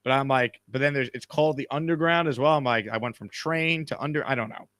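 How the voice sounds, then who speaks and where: A man's voice: mid-range voice, fast, a bit bright, no echo. A man hosting a live sports talk stream, joking and rambling, often restarting his words. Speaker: host.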